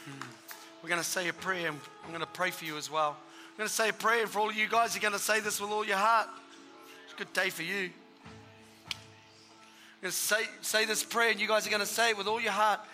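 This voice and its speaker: A man's voice: high voice, steady tone, brisk, pauses often, bright, forceful tone, in a large hall. A man preaching an altar call in a church, exhorting people with repeated calls, recorded live at a service. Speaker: pastor. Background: worship music and congregation.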